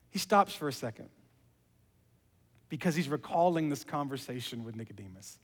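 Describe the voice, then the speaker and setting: A man preaching a sermon, telling the story in an animated way and dropping to a hush for emphasis. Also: on the high side, normal speed, pauses often, in a large hall. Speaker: pastor.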